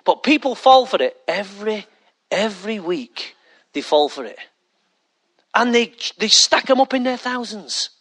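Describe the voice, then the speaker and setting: Male pastor, high and bright, conversational sermon with rhetorical questions. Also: lively intonation, unhurried.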